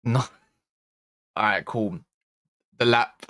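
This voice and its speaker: A man's voice: mid-range voice, normal speed, a bit bright, no room sound. A man hosting a live-streamed football fan reaction, talking in exasperated, slangy bursts that rise to frantic outbursts. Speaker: football channel host. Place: indoor room.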